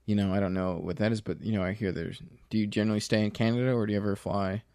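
A man's voice: on the low side, fairly even intonation, very fast, a little mellow, clear, resonant tone, no echo. A man interviewing a bird character in an improvised comedy bit, asking earnest questions with hesitant restarts.

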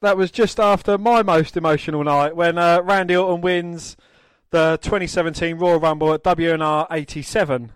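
A man's voice: fairly high pitch, fairly even intonation, normal speed, clear, resonant tone, no room sound. A man co-hosting a wrestling podcast, chatting and chiming in with short calls. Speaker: podcast co-host. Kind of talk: casual wrestling commentary.

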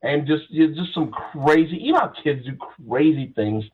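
A man hosting a relaxed conversation, gentle and consoling, often circling back to the same phrase as he gathers his thoughts. His voice sits somewhat higher than most men's. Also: moderate pace, slightly rough, phone-quality sound. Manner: consoling, keeps restarting with "the thing is". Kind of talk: casual conversation.

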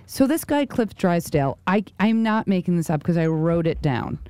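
A woman co-hosting a casual chat show, telling animated stories with quick asides and repeated words. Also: fairly low pitch, clear, resonant tone, dry recording. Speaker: co-host.

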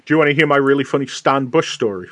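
A man's voice: medium pitch, quick pace, fairly bright tone. A man hosting a podcast, telling a long anecdote in casual chat with many fillers and restarts. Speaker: podcast host.

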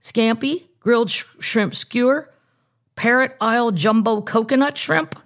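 A woman's voice: on the high side, unhurried. A woman hosting a podcast, chatting casually and reading news aloud with jokey asides. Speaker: podcast host. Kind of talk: casual comedic chat.

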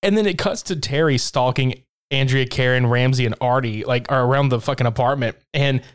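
A man in casual chat, recapping a horror film with lots of swearing and laughter, acting out lines in quick impressions. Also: mid-range voice, smooth. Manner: profane, laughing, acts out scenes in quick impressions. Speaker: podcast co-host recapping a film.

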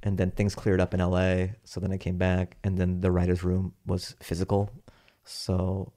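A man's voice: sits low, completely flat delivery, normal speed, dark tone. A man from Seattle, a stand-up comedian, chatting loosely and rambling through stories as a podcast guest. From Seattle, USA. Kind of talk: casual chat.

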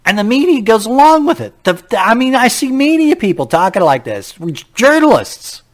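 A man hosting a political talk radio show, speaking in an animated, incredulous way, firing off rhetorical questions and now and then laughing at his own slips. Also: extremely high pitch, moderate pace.

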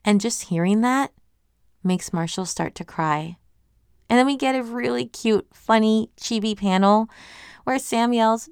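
A woman chatting casually through a recap of a webcomic episode, enthusiastic and quick to laugh. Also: medium pitch, lively intonation, smooth, no room sound, studio quality.

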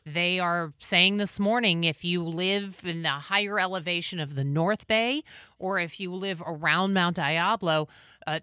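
A woman co-hosting a morning radio show, walking through local news in a brisk, plain, conversational way. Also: lowish voice, pushed and bright, no room sound, studio quality. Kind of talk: casual morning show banter and news chat. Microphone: studio mic.

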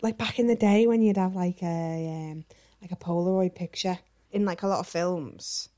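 Frank, sweary woman with a low voice. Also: steady tone, normal speed, warm tone. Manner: frank and sweary, many fillers like "like" and "um". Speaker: podcast co-host reading listener questions. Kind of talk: casual chat.

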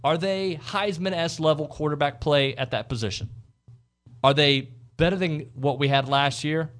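A man's voice: a little high, normal speed, a bit bright. A man hosting a sports talk radio show, giving strong opinions in a rambling way, with fillers and restarts.

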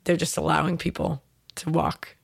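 A woman's voice: low-pitched, level tone, normal speed, creaky, slightly rough. A woman co-hosting a podcast, casually walking her co-host through the details of a crime case with lots of fillers. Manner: storytelling, filler-heavy, recounts case details. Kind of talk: casual true-crime chat.

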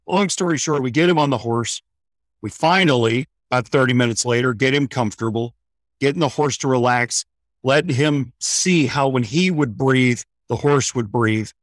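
Big-voiced man telling a lively story. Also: medium pitch, no room sound. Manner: animated storyteller, acts out quotes. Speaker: guest running horse programs for veterans. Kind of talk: casual storytelling on air.

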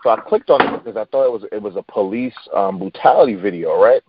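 A man's voice: fairly low pitch, very animated, fast, vocal fry, muffled recording, background noise. A man co-hosting a casual chat, rambling and restarting, laughing easily.

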